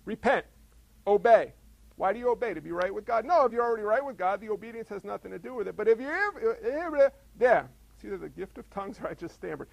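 A middle-aged man preaching from the pulpit with a high, gravelly voice. He talks to the congregation like a friend, peppering the sermon with quick rhetorical questions. The sound is dry and close, with no room echo. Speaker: pastor.

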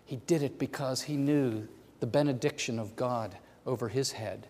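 A man preaching a sermon in a church, moving between loud, fervent passages and hushed near-whispers. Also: mid-range voice, normal speed. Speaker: pastor. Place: church sanctuary. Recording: long hall reverb.

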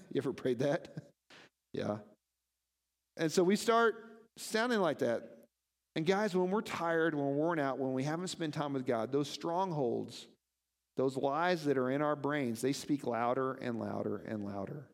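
A man preaching a sermon as pastor, animated and often asking his listeners questions. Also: fairly high pitch, moderate pace, big-room sound. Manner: animated, asks the congregation questions.

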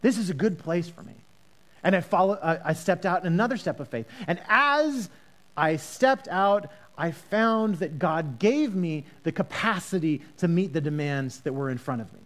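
High-voiced man preaching a sermon. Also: moderate pace. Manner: earnest, animated, repeats words when starting sentences. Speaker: pastor.

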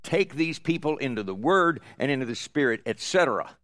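A pastor closes a sermon in a calm, measured voice of middle pitch. He addresses the congregation steadily, and his voice sounds dry and close, with no room echo.

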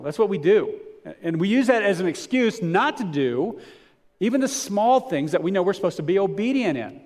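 A pastor preaching a sermon to his congregation in a conversational way, swelling to emphatic points and dropping to softer reflective stretches. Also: high voice, animated, moderate pace. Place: church before a congregation.

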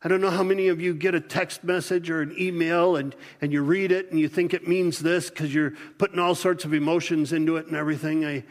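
A pastor preaching a sermon in an animated, conversational way, often restarting his sentences. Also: fairly high pitch, fairly quick, few pauses, in a large hall.

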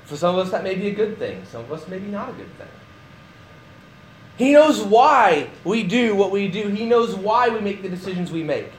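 A man's voice: sits high, big pitch swings, moderate pace, a little hiss or hum. A man preaching a conversational sermon in a church, restarting phrases and acting out quotes with animation. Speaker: pastor.

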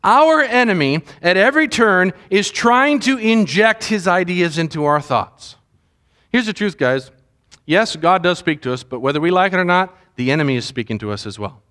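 A man's voice: high-pitched, lively intonation, moderate pace, a bit bright. A middle-aged man preaching a sermon as a pastor, earnest and conversational, with asides to his audience.

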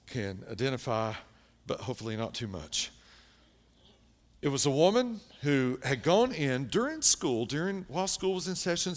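Animated male preacher telling a story. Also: medium pitch. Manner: animated storyteller, shifting from hushed to loud. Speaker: pastor. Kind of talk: sermon storytelling.

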